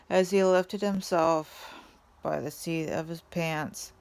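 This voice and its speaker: A woman reading a storybook aloud in first person, softly and ruefully. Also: low-pitched, steady tone, slow pace, vocal fry. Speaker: reader. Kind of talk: storybook read-aloud narration.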